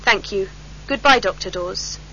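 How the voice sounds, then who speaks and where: A woman narrating a story and reading dialogue clearly and carefully for language learners. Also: medium pitch, measured pace, a bit bright. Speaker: textbook audio narrator. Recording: dull lo-fi recording with faint hum.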